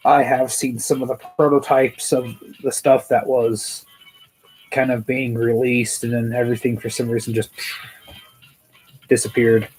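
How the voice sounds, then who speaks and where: A man's voice: medium pitch, a little mellow, poor audio. A man hosting a casual toy news show, rambling and hesitant, with many fillers, tired and yawning. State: sleepy, yawning.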